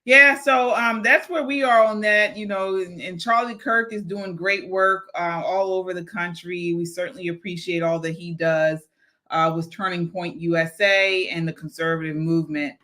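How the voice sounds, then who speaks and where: A chatty woman co-hosting a live talk show, reading out viewer comments in a loose, conversational way. Her voice sounds bright and forceful. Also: fairly low pitch, fairly even intonation, normal speed. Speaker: show co-host. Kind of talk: casual political talk show.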